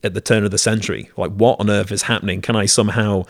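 A man co-hosting a casual literary discussion, retelling scenes with lively acted-out lines. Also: on the low side, fast, no room sound, clean studio sound. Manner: lively storyteller, acts out quoted lines.

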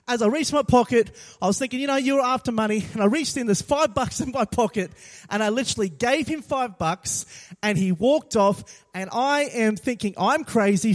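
A young man, a pastor telling a dramatic story in an animated sermon to his congregation, with bursts of loud emphasis. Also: very high voice.

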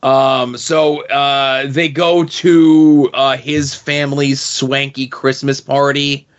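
A man's voice: mid-range voice, flat delivery, takes it slowly, dull audio. A man hosting a casual movie review chat, sarcastic and rambling, full of "like" and "okay?" asides. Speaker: podcast host.

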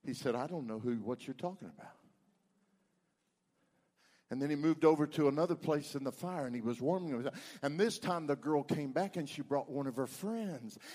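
A man with a high voice preaches a sermon, his delivery swinging from loud bursts to hushed tones. The sound rings with a long reverb from a church sanctuary. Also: fairly quick, hardly any pauses. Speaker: pastor.

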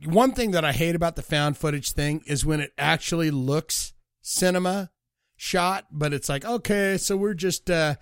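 A man's voice: a little high, moderate pace, no echo, clean studio sound. A man co-hosting a podcast in casual chat, joking and teasing his co-host.

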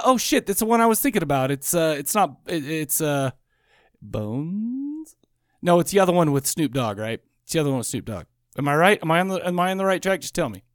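A man rambling through his thoughts on a podcast, his fairly high voice bouncing around a lot as he talks himself toward an answer. The sound is close and dry with no room around it. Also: no echo. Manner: thinks aloud, rambling, restarts. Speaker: podcast co-host guessing in a quiz. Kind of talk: casual chat.

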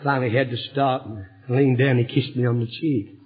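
Fiery preacher, lo-fi recording. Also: male voice, medium pitch, fairly even intonation, fairly quick. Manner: impassioned, swinging from hushed to shouting. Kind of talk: revival sermon storytelling. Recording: dull lo-fi sermon recording.

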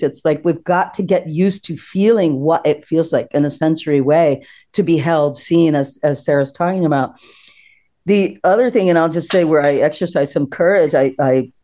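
A woman guest on a podcast, telling a personal story in an animated, expressive way and laughing often. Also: deep voice.

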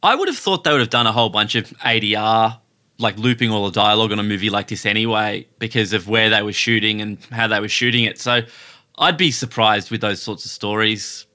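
A man's voice: on the low side, a little fast, pushed and bright. A man chatting thoughtfully on a podcast, posing questions. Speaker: podcast co-host. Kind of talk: casual podcast chat.

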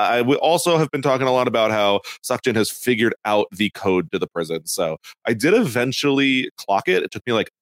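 Male podcast co-host, mid-pitched voice with an expressive, lively delivery, dry sound. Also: no room sound. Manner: chatty, laughs often, acts out quotes in high voices. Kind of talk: casual recap chat.

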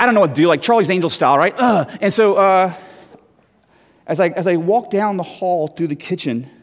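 A man in his thirties, a guest preacher, telling a story in a sermon with lively, self-mocking restarts. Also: high-pitched. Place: church hall. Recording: long hall reverb.

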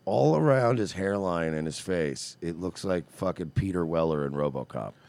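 A man's voice: low-pitched, expressive, normal speed, gravelly, a little mellow. A man co-hosting a podcast, riffing in wry, rambling, profane banter. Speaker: podcast co-host. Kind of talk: casual comedic banter.

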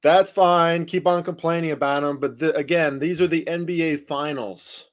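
A man's voice: a little high, steady tone, moderate pace. A man with a New Jersey accent hosting a solo sports betting podcast, talking emphatically with rhetorical questions and fillers.

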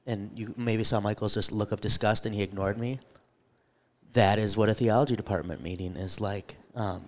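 In front of a live audience, a podcast co-host who teaches theology spins animated stories laced with joking self-deprecation. He speaks at a moderate pace in a lowish voice with fairly even intonation.

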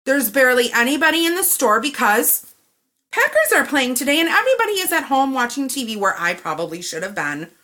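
A woman recounts a story in a loose, chatty way. She acts out both sides of the exchange with lively energy. Her voice is bright and forward. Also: high voice, fairly quick. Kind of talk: casual storytelling rant.

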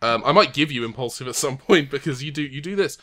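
Acting as game master for a tabletop game played over a call, this man narrates and makes rulings from his home setup. His mid-range voice is expressive, pushed and bright, and he rambles, hesitates and laughs easily.

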